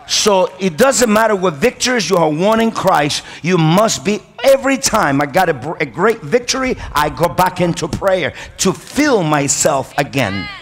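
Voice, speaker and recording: In a large church hall, with its long reverb on the recording, a man preaches as pastor. His high voice has a fairly bright tone, and he's emphatic, repeating key lines and calling out for amens.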